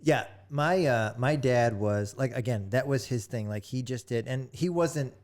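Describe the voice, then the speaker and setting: A man's voice: mid-range voice, a little slow, a little mellow. Rambling man chatting on a podcast. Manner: rambling, many restarts. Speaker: podcast guest. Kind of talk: casual chat. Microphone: studio microphone.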